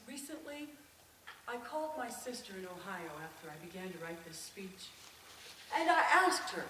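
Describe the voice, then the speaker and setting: A middle-aged woman giving a prepared speech at a club, telling stories with an expressive voice that swells and drops. The voice sounds echoey and far from the mic. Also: medium pitch, normal speed, slight background noise. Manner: expressive storytelling, swelling and dropping. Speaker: club speaker.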